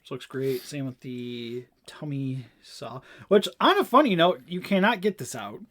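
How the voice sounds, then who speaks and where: A man's voice: medium pitch, expressive, a little slow, a bit bright. A young man co-hosting a casual toy review, talking enthusiastically and rambling with lots of fillers. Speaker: co-host reviewing toy figures.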